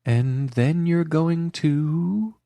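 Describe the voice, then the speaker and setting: A young woman in her twenties, newly bold and demanding, talks in an eager, breathless rush, as a male audiobook narrator puts her on. Her voice sits well above his own low register. It is read close to the mic in a dry studio. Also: very slow, gravelly, mellow, dry recording, heavily acted. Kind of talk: audiobook character voice.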